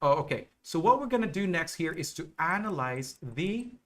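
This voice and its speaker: Man, nursing exam coach, live-stream lesson, slow careful explaining, lots of okay and right. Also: on the high side, sing-song, a bit bright.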